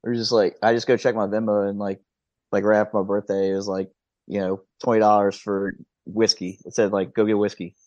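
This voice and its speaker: A man's voice: on the low side, flat delivery, a little fast, a little mellow, no room sound. A man in his thirties co-hosting a podcast in loose casual chat, stammering through restarts and laughing as he goes. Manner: laid-back, stammering restarts, swearing and laughing. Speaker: podcast co-host. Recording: dull lo-fi podcast audio.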